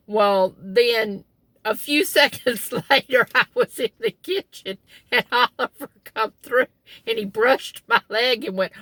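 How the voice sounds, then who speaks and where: Her pitch is fairly high and her tone fairly bright, and she speaks a little slowly in a dry recording. This middle-aged vlogger shares folksy family stories from her car, chuckling as she talks.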